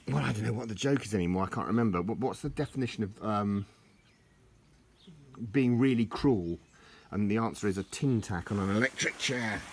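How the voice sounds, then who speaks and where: A middle-aged man vlogger leafs through an old tartan book, chatting casually, rambling, and joking his way through it while laughing at his own jokes. His voice is lowish, with a little hiss or hum in the recording.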